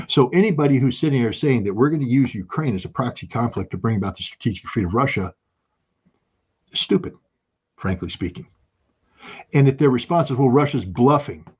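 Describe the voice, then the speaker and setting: A man's voice: lowish voice, a little mellow, breathy edge. A man giving impassioned political commentary, emphatic and rising to urgent outbursts. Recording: dull lo-fi sound.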